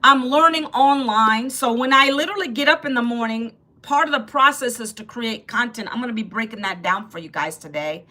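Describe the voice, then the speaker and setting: A woman's voice: on the high side, fairly quick, few pauses, pushed and bright. A woman in her fifties hosting a casual live stream, chatting with viewers and answering their comments as they come in. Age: 50s. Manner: chatty, talks straight to viewers' comments, laughs often.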